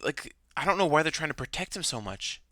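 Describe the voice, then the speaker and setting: A man's voice: a little high, expressive, fairly quick, sharp tone, dry recording. A young man ranting angrily about fights, swearing and repeating himself. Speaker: MMA commentator. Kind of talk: ranting fan commentary.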